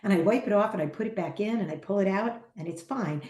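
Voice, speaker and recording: Animated middle-aged woman, mellow voice. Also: mid-range voice, quick pace. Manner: animated storyteller acting out quoted voices. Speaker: podcast guest, teacher and trainer. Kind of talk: conversational teaching on a podcast. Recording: echoey room.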